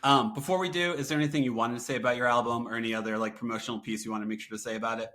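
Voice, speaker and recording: A man's voice: medium pitch, steady tone, rapid-fire, a bit bright. A man hosting a podcast interview, chatty and jokey, riffing along with his guest. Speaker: podcast host.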